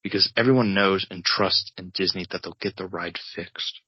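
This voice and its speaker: A man co-hosting a podcast, narrating an improvised comedic table read in a rambling, halting way. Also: deep voice, fairly even intonation, husky, dry recording. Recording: dull, lo-fi, dry podcast mic.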